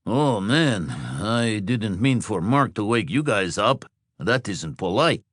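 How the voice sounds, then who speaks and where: A man voicing a friendly, energetic male mechanic who talks with light, helpful concern. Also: fairly low pitch, a little slow, no room sound, clean studio sound.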